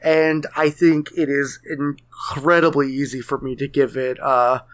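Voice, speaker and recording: A man's voice: medium pitch, little pitch movement, measured pace, fairly bright tone. A man co-hosting a casual gaming podcast, rambling and joking with lots of fillers. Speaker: podcast co-host.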